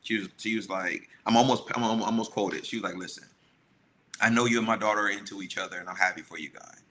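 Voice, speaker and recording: Bright-voiced man telling a story. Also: lowish voice, quick pace, slight background noise. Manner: animated storyteller acting out quotes. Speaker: podcast co-host. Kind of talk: storytelling casual chat.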